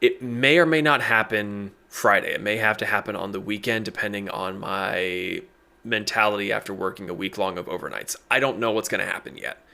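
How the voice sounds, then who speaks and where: A man's voice: lowish voice, a little fast, gravelly, pushed and bright. A man hosting a casual chat podcast, talking in a laid-back, rambling way and laughing often. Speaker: podcast host.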